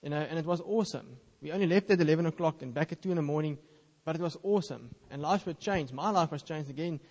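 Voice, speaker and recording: A man's voice: a little high, fast talker, darkish tone, big-room sound. A man, an Afrikaans speaker, preaching a sermon in an earnest, conversational way and reading scripture aloud.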